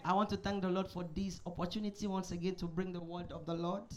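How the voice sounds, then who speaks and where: A woman pastor opening her sermon in a church service. She speaks softly and in a measured way, with frequent amens and hallelujahs. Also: on the low side, level tone. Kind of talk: sermon introduction.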